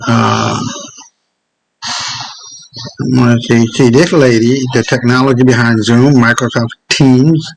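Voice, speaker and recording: Guy ranting on his show, swears a lot, keeps going "hold on", regular pitch. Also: steady tone, slow pace, vocal fry, pauses often, a little hiss or hum, rough recording. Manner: profane, heated, stops often to search clips. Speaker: host. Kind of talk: casual rant commentary.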